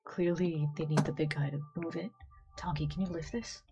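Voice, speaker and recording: A woman's voice: low voice, steady tone, normal speed, lo-fi sound, music in the background. A woman playing a tabletop game, chatting casually about her character's moves. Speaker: player.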